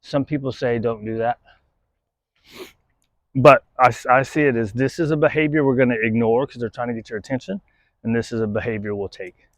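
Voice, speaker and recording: A man's voice: mid-range voice, fairly quick, no echo. A man teaching dog training, explaining his method and checking in with a repeated "right?", then cheering a dog on as he works with it. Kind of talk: hands-on training demonstration.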